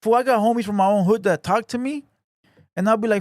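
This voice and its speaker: A man's voice: high-pitched, quick pace, darkish tone, no room sound, studio quality. A male podcast host, chatting casually to a livestream audience in blunt, profane, laid-back street slang. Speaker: podcast host reading viewer comments.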